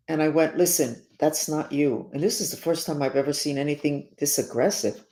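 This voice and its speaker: Speaking to listeners as a spiritual guide, a woman delivers an earnest, urgent monologue, repeating herself and slowing on key words for emphasis. Her deep voice holds a steady tone with a slightly mellow quality.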